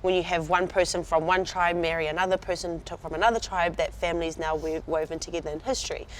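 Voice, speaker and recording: A woman's voice: fairly low pitch, fairly even intonation, fast. A woman in her thirties with a New Zealand accent, chatting as an interview guest and sounding proud and laughing easily. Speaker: rugby player guest. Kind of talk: relaxed interview chat. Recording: faint background noise.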